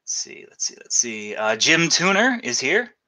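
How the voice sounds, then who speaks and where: Casting: middle-aged male stream host, bright, forward voice, rambling and excitable, reacts aloud to the chat. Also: fairly high pitch, normal speed. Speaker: YouTube host doing a live unboxing. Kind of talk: casual live-stream chat.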